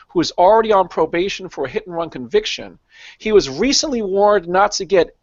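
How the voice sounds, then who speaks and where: Measured higher-voiced male host. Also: lively intonation, no room sound, muffled recording. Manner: measured, reads quotes aloud. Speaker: podcast host, moderator. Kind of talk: reading news items and asking questions.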